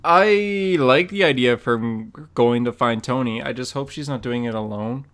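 Young man, podcast co-host, casual chat, animated, laughs a lot, middle pitch. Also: normal speed, smooth. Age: young adult. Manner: animated, laughs often, mock voices.

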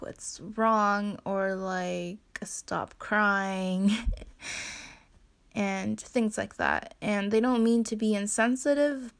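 A young woman talking softly and from the heart in a personal vlog, with light laughs and quiet whispered asides. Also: medium pitch, creaky. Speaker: vlogger. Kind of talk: personal talk to camera.

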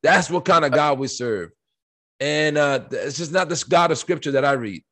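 A man co-hosting a faith podcast, talking in an animated, emphatic preaching style with rhetorical questions and scripture quotes. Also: fairly high pitch, moderate pace. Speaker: podcast co-host.

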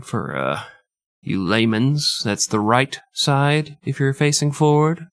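A man's voice: mid-range voice, animated, slow pace, dry recording. A man hosts a casual history podcast, telling the story with crude jokes and frequent laughter. His voice sits in the middle range. It is recorded dry, close to the mic. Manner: crude, joking, laughs often. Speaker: podcast host.

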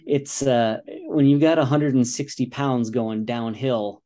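Man in his forties, American, mellow warm voice, earnest, explaining patiently. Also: mid-range voice, steady tone, a little slow. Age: 40s. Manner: earnest, explaining with repeated "you know". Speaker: guest, father and runner. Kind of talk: casual interview talk.

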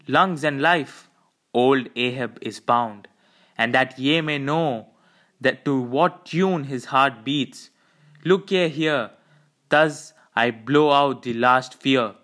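A man voicing an old, proud and defiant sea captain who declaims in grand archaic speech, slow and raised. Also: medium pitch, a bit bright. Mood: commanding.

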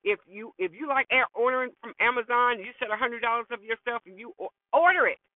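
A woman's voice: fairly high pitch, fast talker, no room sound. A middle-aged woman hosting a show, giving blunt, preachy motivational advice and repeating her points for emphasis. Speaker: host. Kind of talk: motivational monologue. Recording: dry, phone-like lo-fi audio.

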